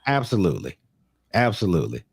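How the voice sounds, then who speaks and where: A man's voice: deep voice, huge pitch swings, quick pace, gravelly, breathy edge, no room sound. A young man co-hosting a comedy podcast, talking casually with profanity and jokey mock rants. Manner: profane, joking, slips into loud mock rants. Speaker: podcast co-host.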